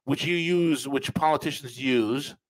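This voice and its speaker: A man's voice: medium pitch, unhurried, rough recording. A man hosting a podcast, giving opinionated commentary with emphatic repetition and calling listeners folks. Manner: emphatic, repeats phrases, addresses listeners as folks. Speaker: podcast host.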